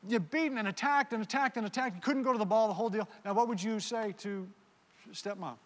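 A pastor speaks quickly in a high voice as he preaches, animatedly directing volunteers on stage in an audience-participation skit within the sermon. The recording has a long hall reverb.

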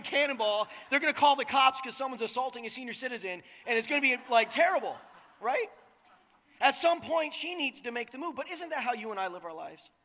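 A man's voice: very high-pitched, bright, forceful tone. A man in his thirties preaching a sermon in a casual, joking, conversational way, often checking in with the crowd. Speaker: pastor. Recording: long reverb of a large hall.

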